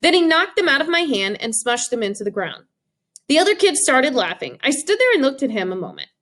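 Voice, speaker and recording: A woman narrating an audiobook with expressive storytelling. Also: sits high, a little fast.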